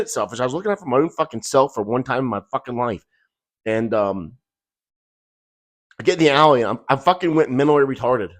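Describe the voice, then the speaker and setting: A middle-aged man, a rideshare driver, telling his own story in agitated, profane, intense bursts. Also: mid-range voice. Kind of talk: emotional first-person storytelling.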